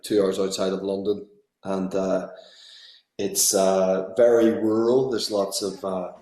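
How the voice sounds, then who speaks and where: A man in his thirties, an actor guest in a casual remote interview, talking in a relaxed, rambling way with lots of fillers. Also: on the low side, roomy sound, poor audio.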